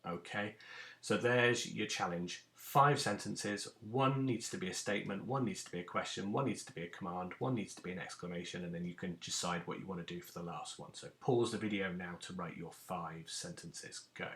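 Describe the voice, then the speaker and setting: A man's voice: low-pitched, fairly quick, fairly bright tone. A man teaching a recorded phonics lesson to young children, patiently sounding out letters and words. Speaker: primary school teacher. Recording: echoey room.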